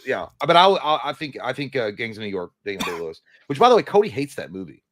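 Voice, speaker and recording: A man's voice: mid-range voice, very animated, fast talker, a bit bright, a little hiss or hum. A man co-hosting a casual livestream chat from home, trading blunt, profane banter. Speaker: livestream co-host.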